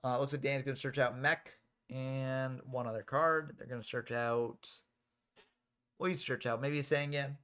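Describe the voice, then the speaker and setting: A man's voice: mid-range voice, fairly even intonation, normal speed, a bit bright, clean tone. A man casually calling a card game match play by play as channel host, drifting into chatty asides.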